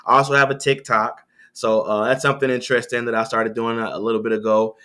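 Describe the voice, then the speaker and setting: A man talking as an interview guest, telling sales stories in a lively, conversational way. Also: medium pitch, quick pace. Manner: storytelling, animated, with quoted voices.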